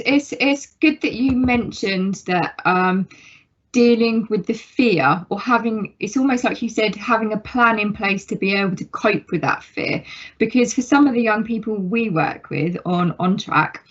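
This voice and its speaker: Measured woman interviewer, muffled audio. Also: medium pitch. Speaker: interviewer from a youth support group. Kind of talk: casual interview talk. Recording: slightly muffled lo-fi recording.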